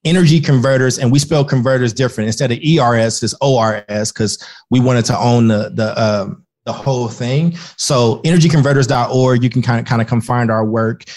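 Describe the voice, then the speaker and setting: A man speaking as a guest in a casual interview, earnest and effusive, talking in quick bursts with many restarts. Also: mid-range voice, darkish tone.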